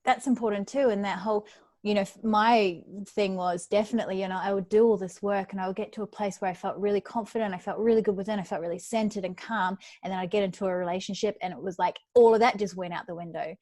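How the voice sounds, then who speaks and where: A woman's voice: medium pitch, steady tone, fast, darkish tone. A woman hosting a casual conversation, speaking directly and encouragingly to the viewers. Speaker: host.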